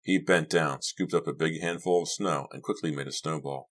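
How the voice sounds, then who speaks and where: A man narrating an audiobook in a steady, measured reading. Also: extremely low pitch. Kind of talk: scripted narration.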